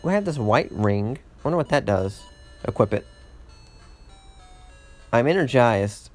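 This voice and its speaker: A gamer chats casually over soft background music during a let's-play, rambling through a story. His medium-pitched voice has lively intonation and an unhurried pace, and he swears often and laughs at his own mishaps.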